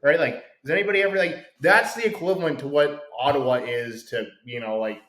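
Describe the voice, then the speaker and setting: A man co-hosting a casual sports podcast, talking in a rambling, excitable way and swearing freely. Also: medium pitch, a little fast. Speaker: podcast co-host. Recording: echoey room.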